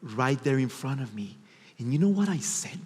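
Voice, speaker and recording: A man giving a motivational stage talk, telling a personal story in an animated way and acting out his inner voices. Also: medium pitch, normal speed, husky. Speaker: motivational speaker. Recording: long hall reverb.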